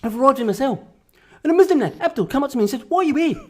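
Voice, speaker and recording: A man doing a parody impression of an activist, telling absurd stories in deadpan and tagging nearly every sentence with a questioning "yeah?". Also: very high voice, rapid-fire, pitched above the performer's own voice. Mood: earnest deadpan.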